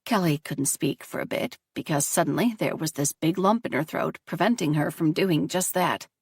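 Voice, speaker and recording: A woman narrating a story in a steady, even audiobook reading. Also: sits low, normal speed, slightly rough, dry recording, clean studio sound.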